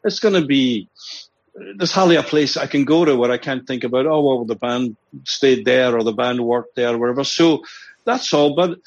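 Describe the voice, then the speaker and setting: An older man with a Glaswegian accent talks in a husky voice, wandering through anecdotes and chuckling at himself. The recording sounds dull and lo-fi. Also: mid-range voice, normal speed. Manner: rambling, anecdotal, chuckles often, self-deprecating. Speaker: musician guest. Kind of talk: casual interview talk.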